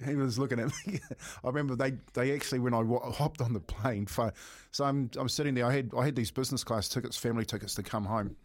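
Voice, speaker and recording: A man's voice: mid-range voice, fast talker. A man, a radio co-host telling a story in a laid-back way, laughing often. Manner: laid-back, laughing, calls people mate. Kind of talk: casual storytelling.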